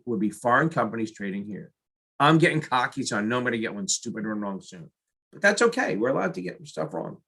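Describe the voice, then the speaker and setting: A man's voice: mid-range voice, fairly bright tone, husky. A middle-aged man tutoring for an exam, talking through practice questions aloud in a jokey, self-mocking way. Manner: jokey, self-mocking, talks to himself while solving.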